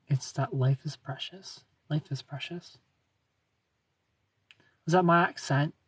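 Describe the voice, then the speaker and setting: A man from Ohio hosting a casual livestream, reading viewer comments aloud in a soft, low-key way and slipping into quiet asides. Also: husky, no room sound. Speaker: livestream host.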